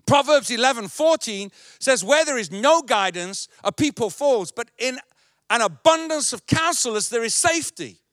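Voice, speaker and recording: A man's voice: extremely high pitch, lively intonation, moderate pace, a bit bright, no echo, clean studio sound. A male pastor preaching a sermon, emphatic and repetitive.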